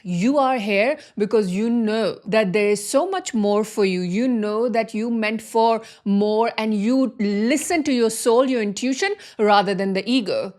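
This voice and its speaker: A woman giving a motivational spiritual talk as a wealth and healing coach, speaking earnestly and repeating her phrases for emphasis. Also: a little high.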